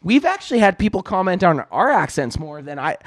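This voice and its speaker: Loud, profane Canadian man, high voice. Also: sing-song, brisk, no room sound, clean studio sound. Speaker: podcast co-host. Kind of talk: casual chat.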